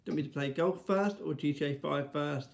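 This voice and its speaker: A man's voice: fast talker, creaky. A man rambling to camera in a casual vlog, restarting often and tagging lines with "right?". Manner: high sing-song baby talk to his dog. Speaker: vlogger.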